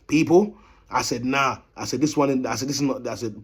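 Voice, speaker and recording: Speaking fast in a husky, mid-range voice, this London-accented man styles himself a prophet and vlogs to his audience. His story wanders, packed with slang and repetition, punctuated by bursts of laughter, and he keeps addressing his viewers as "people."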